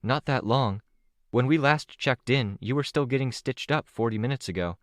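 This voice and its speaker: A man with a deep voice reads a young woman's lines in a lifted, brisk, steadying tone for an audiobook. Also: no echo, studio quality, close to an everyday voice.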